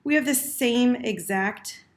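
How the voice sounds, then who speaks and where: Speaking slowly in a slightly high voice, a woman teaches French verb conjugation in a screen-recorded lesson. She's patient, corrects herself, and talks as she types.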